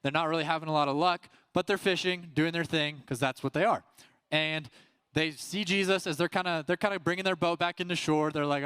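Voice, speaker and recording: Young male youth pastor, casual storytelling sermon, higher voice, dry close sound. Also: fairly quick, fairly bright tone, clear, resonant tone, no room sound. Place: youth service room.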